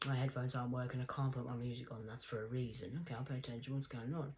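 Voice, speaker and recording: A woman's voice: a bass voice, quick pace, low-quality recording. A middle-aged woman telling a rambling personal story in a blunt, casual monologue, swearing freely. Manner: acts out quoted dialogue in lively voices. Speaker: vlogger.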